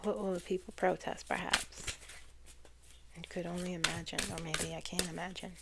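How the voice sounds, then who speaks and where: A woman's voice: lowish voice, flat delivery, moderate pace, creaky, heavy background noise. A woman doing a casual tarot card reading for viewers, musing aloud and trailing off. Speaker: tarot reader.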